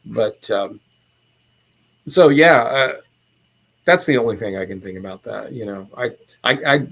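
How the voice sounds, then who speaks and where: A man's voice: mid-range voice, measured pace, gravelly. Man telling a rambling story. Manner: meandering, animated retelling. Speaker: podcast guest. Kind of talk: casual storytelling.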